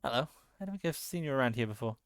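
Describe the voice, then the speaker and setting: A man voicing an intense young male settler in a video game, brisk and helpful. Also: mid-range voice, expressive, clean tone, no room sound, clean studio sound, natural voice. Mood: earnest.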